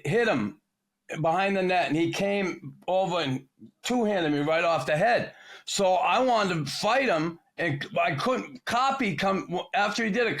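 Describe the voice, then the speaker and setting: A man's voice: high voice, fairly bright tone. A man in his sixties hosting a podcast, a former hockey enforcer who tells fight stories in a blunt, crude, profane way. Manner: blunt, profane, gruff storyteller. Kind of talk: casual chat, crude storytelling.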